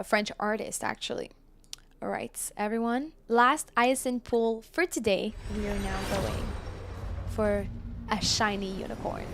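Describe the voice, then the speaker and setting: A woman live-streaming from home, chatting casually and answering viewers as she plays. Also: a little high. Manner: chatty, reads chat aloud and answers viewers.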